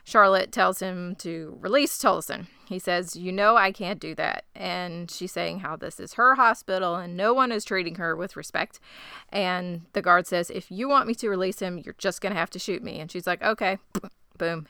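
Bright, crisp woman podcast co-host. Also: fairly low pitch, no room sound, studio quality. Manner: conversational recap with fillers and quick asides. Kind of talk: casual chat.

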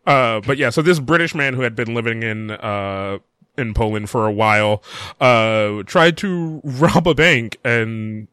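A man's voice: medium pitch, a little slow, fairly bright tone, smooth, no echo, studio quality. A man hosting a casual podcast, reading news stories with frequent ums and uhs. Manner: reads news with many fillers. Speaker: podcast host.

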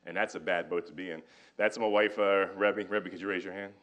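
A man's voice: deep voice, fast, pushed and bright. A man giving a military history lecture to a live audience, talking conversationally with joking asides and casual paraphrases of historical figures. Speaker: guest lecturer.

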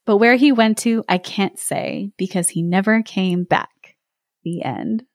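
A woman's voice: medium pitch, measured pace, no echo, clean studio sound. A young woman co-hosting a podcast, reading a fairy tale aloud with playful banter and frequent laughs. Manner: playful, laughs often between lines.

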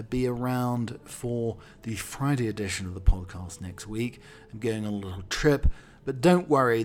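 Man, podcast host, wry, irreverent, mock-patriotic, mid-pitched. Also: a little mellow. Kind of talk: comedic solo podcast monologue.

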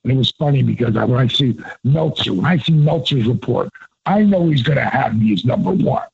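Older guy in his 60s telling wild stories, lots of cussing, gravelly husky voice, dull lo-fi sound. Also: medium pitch, lively intonation, fairly quick, a little mellow. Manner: profane, emphatic, laughs often. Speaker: guest, former pro wrestler. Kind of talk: animated storytelling.

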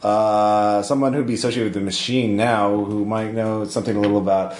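A man's voice: on the low side, little pitch movement, fairly quick, a little mellow, reverberant. Hesitant man playing a tabletop game. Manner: hesitant, lots of uh and restarts. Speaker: player.

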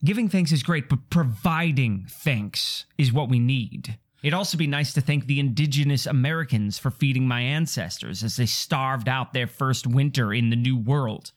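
A man's voice: medium pitch, moderate pace, hardly any pauses. A man hosting a podcast, teasing his co-host with dry wisecracks in casual comic chat.

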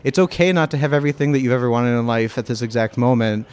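Earnest man with a smooth voice. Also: mid-range voice, quick pace, a little mellow. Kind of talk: candid interview talk.

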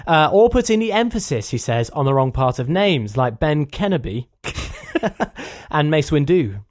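Animated podcast host, lively pitch. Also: male voice, unhurried, no room sound, clean studio sound. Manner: animated, laughs often, reads emails aloud. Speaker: podcast co-host reading listener emails. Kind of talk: casual chat.

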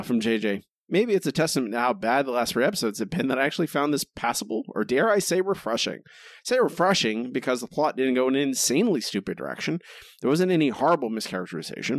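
A male podcast host with a lively, swinging delivery, reading reviews with wry asides. His voice is close and dry, with no room sound. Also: mid-range voice, no room sound. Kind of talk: casual chat reading listener reviews.

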